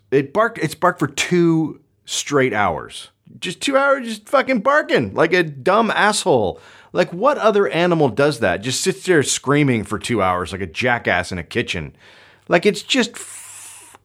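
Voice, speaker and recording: A man's voice: a little high, creaky, fairly bright tone. A man hosting a podcast alone, riffing in a profane, sarcastic, rambling comedic monologue into a microphone at home. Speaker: podcast host. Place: home closet studio. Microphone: studio microphone.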